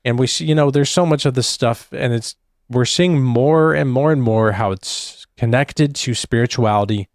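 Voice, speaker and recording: A man's voice: medium pitch, normal speed, no echo, clean studio sound. A man hosting a reaction video, steadily describing what is on screen as it plays. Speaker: channel host.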